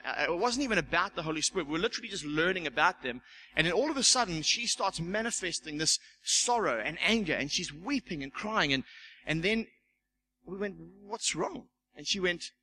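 High, bright-voiced preaching man. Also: a little hiss or hum, poor audio. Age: young adult. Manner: animated storytelling, acting out voices, frequent repeated words. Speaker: church elder preaching. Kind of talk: sermon with personal testimony.

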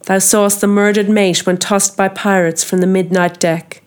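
A woman's voice: mid-range voice, steady tone, normal speed, clear, resonant tone, natural voice. A woman voicing a brooding, obsessed old sea captain in an audiobook reading, declaiming solemn old-fashioned speech.

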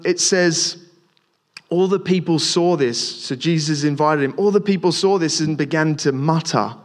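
A young man with a voice that sits high preaches a casual sermon. He speaks conversationally to his listeners, often restarting and repeating words.

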